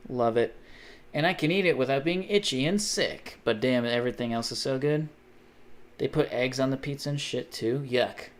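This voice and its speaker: A man chats away while he plays a game on stream, his talk rambling and salted with curses. He wanders from one tangent to the next in an easy, mid-range voice. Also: medium pitch. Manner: rambling, profane, jumpy tangents. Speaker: gaming livestreamer. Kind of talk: casual chat while gaming.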